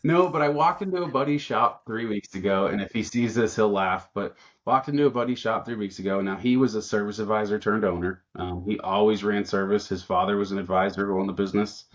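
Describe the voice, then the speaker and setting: A man's voice: lowish voice, fairly quick, few pauses. Man telling shop stories, lo-fi sound. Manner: animated storyteller who acts out quotes. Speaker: guest, automotive diagnostic trainer. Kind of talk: casual podcast chat.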